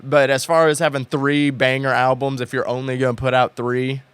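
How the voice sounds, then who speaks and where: A podcast co-host in his late twenties rambles enthusiastically in a casual chat, full of fillers and restarts. His medium-pitched, smooth voice shows little pitch movement at a moderate pace, captured on a podcast studio mic with no echo.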